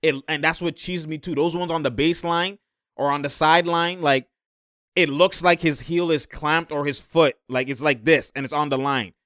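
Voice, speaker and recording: A young man with a slightly higher voice talks basketball in quick, slangy bursts, leaning on filler phrases. The sound is dry and close to the mic. He keeps an animated, loose, casual podcast feel. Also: dry recording. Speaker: podcast host.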